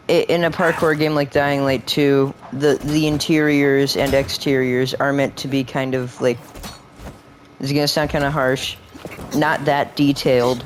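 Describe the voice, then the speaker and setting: A man's voice: mid-range voice, slight background noise. A man giving rambling gameplay commentary at home, full of fillers, restarts and swearing when annoyed. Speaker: gaming video creator.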